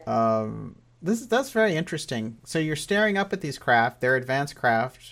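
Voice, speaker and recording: A man's voice: mid-range voice, sing-song, moderate pace, gravelly, a bit bright. A man hosting an interview, asking curious follow-up questions. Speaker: interviewer, host.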